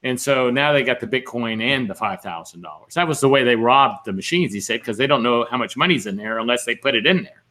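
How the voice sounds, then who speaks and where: A man co-hosting a podcast chats casually, rambling through stories full of fillers and restarts. His mid-range voice is bright and forceful, with lively intonation and a quick pace.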